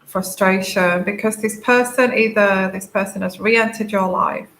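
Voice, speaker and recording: Tearful woman tarot reader, halting delivery, slight room echo and faint hiss. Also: medium pitch, steady tone, fairly bright tone. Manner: slow, halting, many fillers and restarts. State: tearful, crying. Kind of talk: intuitive tarot reading to camera. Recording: echoey room, faint background noise.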